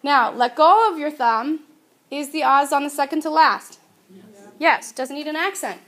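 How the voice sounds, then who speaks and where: Female teacher with a high voice, casual and patient in a classroom lesson. She stretches her example words out. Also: expressive, fairly bright tone. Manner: chatty, patient explaining, drawing out example words slowly. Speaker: Spanish teacher. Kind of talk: recorded classroom grammar lesson.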